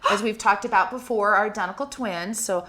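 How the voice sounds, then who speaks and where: A middle-aged woman co-hosting a casual talk show, telling a story in an animated way and acting out what people said. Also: mid-range voice, fairly quick, a loud crowd. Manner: animated storyteller, acts out quoted voices.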